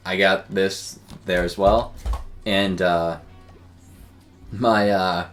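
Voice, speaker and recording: A man's voice: low voice, steady tone, drawn-out words, a bit bright, faint music behind. A young man streaming games and telling a story in a rambling, filler-heavy, self-deprecating way. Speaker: game streamer. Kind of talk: casual storytelling while streaming.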